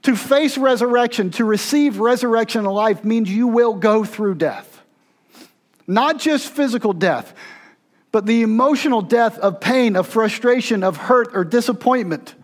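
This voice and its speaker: High-voiced man preaching with dramatic swings. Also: normal speed. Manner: dramatic, swings between loud intensity and hushed near-whispers. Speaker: pastor. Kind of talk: sermon.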